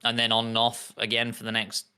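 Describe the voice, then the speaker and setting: Fast-talking bright male co-host. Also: medium pitch, completely flat delivery, clean tone. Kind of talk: casual podcast chat.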